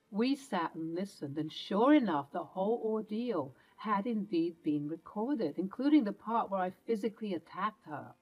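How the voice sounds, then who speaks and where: A woman's voice: mid-range voice, expressive, moderate pace, few pauses, a little mellow, soft background music, poor audio. A woman telling a dramatic first-person story in an earnest narrating voice.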